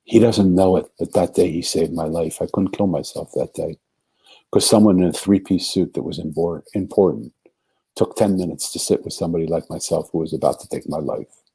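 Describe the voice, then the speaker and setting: A man's voice: low-pitched, brisk, dark tone, husky. A man as a podcast guest, telling a long story in an earnest way and acting out the voices of the people in it. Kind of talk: storytelling in a conversation.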